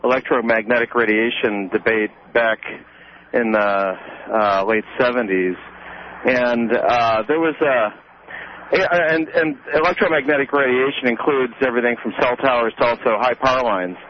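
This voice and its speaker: A man's voice: medium pitch, moderate pace. A man calling into a radio show, hesitant with many fillers but insistent on his point. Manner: hesitant, lots of uh, then insistent. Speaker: caller. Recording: muffled phone line with faint noise.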